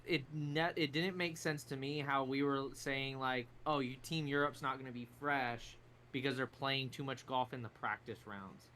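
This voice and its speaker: A man co-hosting a sports podcast, chatting casually in an animated, argumentative way, often repeating himself. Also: medium pitch, moderate pace, slight background noise. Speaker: podcast co-host. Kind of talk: casual chat.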